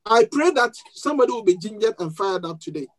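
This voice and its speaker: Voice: mid-range voice, expressive, quick pace, poor audio. A pastor with a foreign accent preaching a sermon to a congregation, asking them questions and repeating key words. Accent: non-native accent. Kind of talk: sermon with call and response. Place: church service before a congregation.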